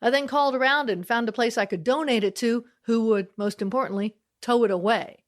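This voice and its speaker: A woman's voice: on the high side, fairly quick. A middle-aged woman comedian telling a personal story in a chatty way, laughing between lines.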